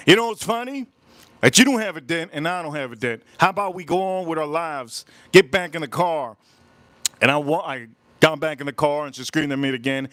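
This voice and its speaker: A man hosting a livestream, telling a story in an animated, emphatic way and repeating phrases for effect. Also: on the high side, fairly quick, no room sound. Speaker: livestream host. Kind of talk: live-stream storytelling chat.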